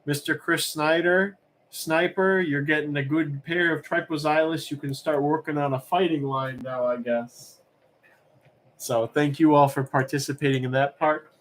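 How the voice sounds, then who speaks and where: A man with a voice on the high side hosts a live-stream auction at a moderate pace. He chats casually, relaxed and rambling, with lots of fillers.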